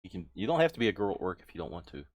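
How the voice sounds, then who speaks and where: A man running a tabletop game as game master, explaining things patiently and gently. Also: low-pitched, big pitch swings, very fast, no room sound.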